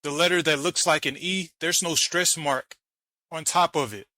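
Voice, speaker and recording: A man's voice: on the high side, normal speed, sharp tone, no room sound, rough recording. A man hosting a reaction video, arguing and mocking while he explains letter by letter. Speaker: channel host reacting to a debate clip. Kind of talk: argumentative commentary.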